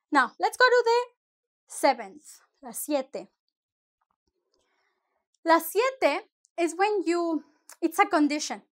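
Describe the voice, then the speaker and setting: A woman teaching a casual language lesson, explaining slowly and giving many examples. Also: sits high. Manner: explains slowly, switching between examples and English. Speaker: Spanish teacher.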